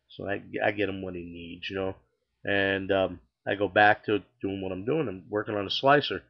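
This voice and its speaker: A man's voice: low voice, moderate pace, fairly bright tone. Rambling chatty man telling stories. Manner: rambling and chatty, with frequent fillers and laughs. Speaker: storyteller. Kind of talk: casual personal storytelling.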